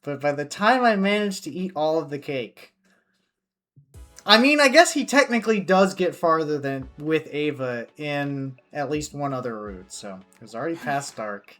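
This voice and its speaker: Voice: medium pitch, normal speed, faint music behind. Streamer reading a visual novel aloud. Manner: animated, reacts and slips into character voices.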